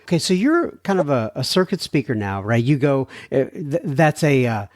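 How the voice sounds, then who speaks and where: A man's voice: medium pitch, very animated, moderate pace, darkish tone. A man hosting a recovery podcast, asking questions in a friendly, loose way with many fillers. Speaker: podcast host. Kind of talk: interview chat.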